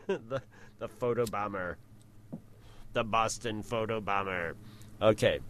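A man co-hosting a podcast in casual chat, animated and often laughing. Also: lowish voice, slow pace, slight background noise. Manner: animated, laughing, stumbles on restarts. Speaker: podcast co-host.

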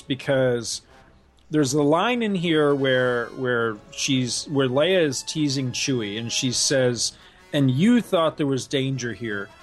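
A man co-hosting a casual podcast chat, telling stories in an animated, self-deprecating way. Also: medium pitch. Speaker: podcast co-host.

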